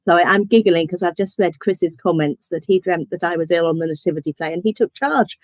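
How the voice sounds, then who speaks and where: Brief: woman, lower register, leads a kids' church craft lesson, chatty and instructive. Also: fairly quick, hardly any pauses, dry recording, low-quality recording. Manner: chatty, step-by-step instructing, giggly. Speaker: children's church leader. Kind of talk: online craft lesson for children.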